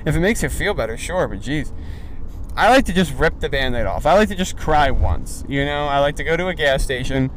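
A man's voice: fairly high pitch, expressive, brisk, a little hiss or hum. A young man hosting a casual solo podcast, rambling through stories with lots of fillers. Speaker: podcast host. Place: in a car on the road.

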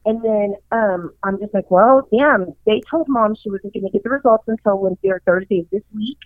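A woman telling a story in casual chat, profane and excitable, acting out her own panicked lines. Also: mid-range voice, fairly quick, no echo. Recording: dull lo-fi dry recording.

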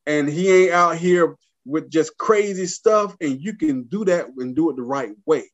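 A man's voice: on the high side, normal speed. Storytelling man on a muffled line. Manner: animated storyteller who acts out voices in quotes. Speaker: guest, military veteran and artist. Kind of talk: casual storytelling. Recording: dull lo-fi sound.

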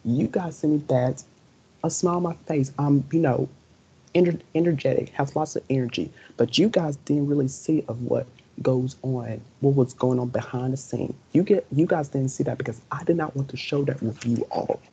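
A man's voice: mid-range voice, moderate pace, warm tone, slightly rough. A young man co-hosting a podcast, talking earnestly and emotionally and repeating his points over and over. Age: young adult. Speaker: podcast co-host. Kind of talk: casual podcast chat. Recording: dull lo-fi recording.

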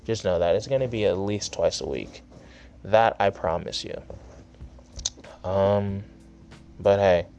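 A man's voice: low voice, slow, pauses often, darkish tone, clean tone, soft background music. A young man hosting his own podcast, ranting angrily with heavy swearing in a casual, heated way. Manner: angry, profane, ranting. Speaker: podcast host. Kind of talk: solo podcast rant.

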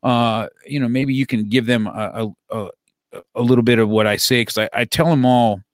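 A man's voice: mid-range voice, steady tone, moderate pace. A man in his fifties who runs a martial arts school talks through old memories in a loose, rambling way. He restarts his sentences and stumbles over repeated words. His voice sits mid-range, and the recording is dry with no room echo. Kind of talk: casual conversation, storytelling.

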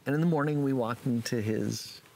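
A man voicing a grieving frontier mother who recounts something strange in a hushed, wondering way. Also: medium pitch, brisk, creaky, a little hiss or hum, pitched above the performer's own voice, natural voice, rough recording.

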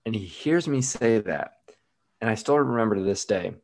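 A man from the Midwest, a guest hypnotist, telling stories in a lively, casual way. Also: on the low side, normal speed. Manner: lively storyteller who laughs at his own stories. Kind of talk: casual storytelling.

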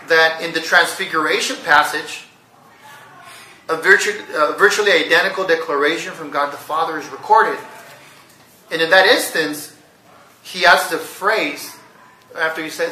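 A man's voice: fairly high pitch, sharp tone, reverberant, distant mic, poor audio. A man preaching a sermon, teaching earnestly and posing rhetorical questions to his listeners. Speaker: pastor.

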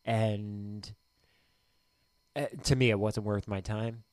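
Low-voiced rambling male podcaster. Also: fairly even intonation, slow pace, darkish tone, clear, resonant tone, no echo, clean studio sound. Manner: rambling, hesitant restarts, swears casually. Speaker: podcast co-host. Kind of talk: casual chat.

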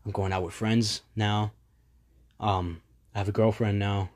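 A man's voice: fairly low pitch, flat delivery, a little slow. A young man rambling in a casual solo monologue, self-deprecating and swearing freely, his voice a little strained.

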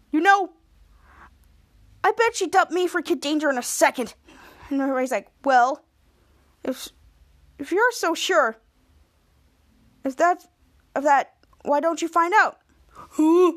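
A woman podcast host casually recaps a TV episode, retelling each scene and raising her voice for the quoted lines. Her voice sits high.

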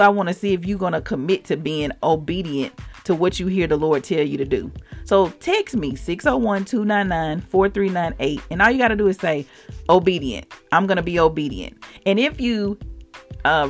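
A woman from Mississippi with a Southern accent, hosting a devotional podcast and exhorting listeners in an animated, informal way. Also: lowish voice, gravelly. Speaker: podcast host, faith encourager.

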